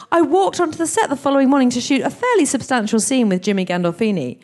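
Animated, expressive actress telling stories. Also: female voice, high voice, fast, few pauses. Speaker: actress and guest. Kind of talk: anecdotal interview chat.

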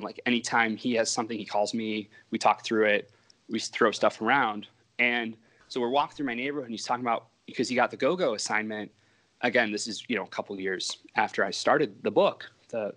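A man's voice: fairly low pitch, fairly bright tone. A comic book writer, a man, telling stories in a casual interview and rambling and interrupting himself as he talks.

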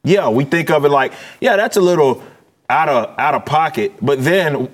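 A man's voice: on the high side, normal speed. A man on a panel, the resident gamer, giving casual commentary in an easygoing, hedging way.

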